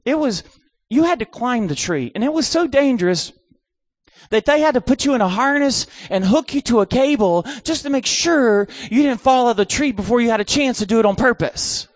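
A middle-aged man preaching a sermon, telling a comic story with animated delivery. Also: very high-pitched, brisk, no room sound.

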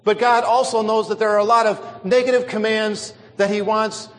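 A man's voice: sits high, level tone, moderate pace, big-room sound. A man preaching a sermon, stretching out and stressing key words for emphasis.

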